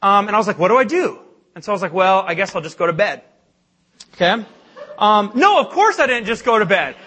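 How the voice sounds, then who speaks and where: A young man giving a college ministry talk, telling a personal story in an animated, self-deprecating way with lots of fillers. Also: high voice, a little fast. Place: church meeting hall.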